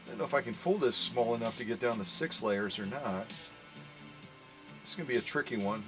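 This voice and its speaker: A man's voice: medium pitch, fairly quick, music in the background. A man hosting a live premiere sewing demo, talking playfully to viewers as folks. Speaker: sewing machine restorer.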